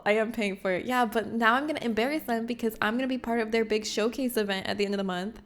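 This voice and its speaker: A woman's voice: on the high side, quick pace, hardly any pauses, fairly bright tone. Bubbly self-mocking woman streamer. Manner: reads chat messages aloud. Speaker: livestream host. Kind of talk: casual chat with chat readers.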